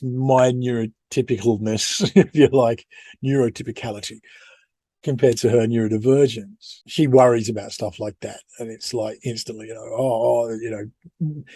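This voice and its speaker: A man's voice: medium pitch, warm tone, breathy edge, no room sound. British man telling a rambling story. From United Kingdom. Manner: rambling, self-deprecating, many restarts. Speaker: podcast co-host. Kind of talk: casual storytelling.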